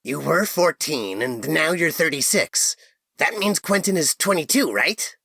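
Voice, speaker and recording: A man voicing an excitable, emotional young man who talks eagerly. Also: fairly high pitch, a little slow, gravelly, no room sound, studio quality, pitched above the performer's own voice, heavily acted.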